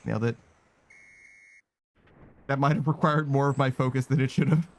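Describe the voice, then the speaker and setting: A man's voice: steady tone, normal speed. Man streaming a game, meowing between curses. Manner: swearing, saying meow after phrases, reading chat aloud; frustrated outbursts in a raised, higher voice. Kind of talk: casual gaming stream commentary.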